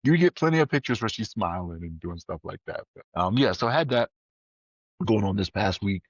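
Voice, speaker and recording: A man co-hosting a podcast in casual chat, an animated storyteller who acts out the voices of people he quotes. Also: lowish voice, brisk, no room sound, muffled recording. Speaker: podcast co-host.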